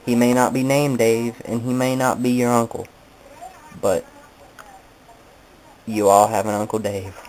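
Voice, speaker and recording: A man's voice: medium pitch, flat delivery, a little slow, pauses often, darkish tone, slight background noise, rough recording. A man telling a rambling comedic monologue, meandering and correcting himself in a mock-nostalgic way. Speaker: comedic storyteller.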